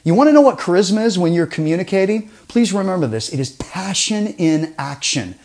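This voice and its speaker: An animated man presenting a persuasion seminar in a fairly high voice that rises and falls a lot. He peppers the audience with rhetorical questions and drops to a near-whisper to make a point. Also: brisk, creaky. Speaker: communication trainer.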